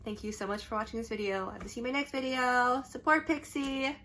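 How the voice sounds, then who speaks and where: A woman's voice: a little high, rapid-fire, heavy background noise. A young adult woman vlogging to camera, telling a story in a chatty, rambling way full of "like" and restarts.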